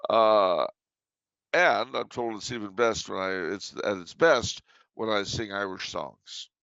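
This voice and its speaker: Man chatting playfully, gravelly voice, dry kinda dull recording. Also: lowish voice, a little slow, a bit bright, no room sound. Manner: storytelling, chuckling, playful. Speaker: regular guest answering questions. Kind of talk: casual chat.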